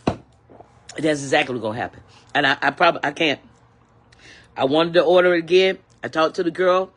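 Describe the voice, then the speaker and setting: A woman's voice: sits low, steady tone, moderate pace. An older woman ranting angrily in a vlog, repeating herself with indignant, preachy emphasis. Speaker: vlogger. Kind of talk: angry complaint rant.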